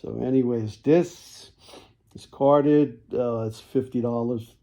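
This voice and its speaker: A man selling toy cars in a casual video, with folksy sales patter, repeated words and frequent throat clearing. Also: medium pitch, steady tone, slow pace, mellow. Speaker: toy car seller.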